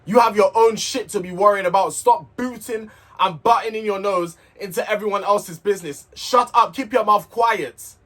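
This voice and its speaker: A man's voice: sits high, moderate pace, hardly any pauses, fairly bright tone. A man recapping a reality show in a casual, heated, sweary rant, repeating himself as he vents.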